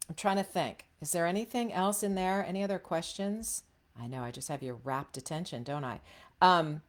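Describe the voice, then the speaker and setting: A middle-aged woman coaching voice actors in a casual, frank teaching talk, chatty with many fillers and restarts. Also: low-pitched.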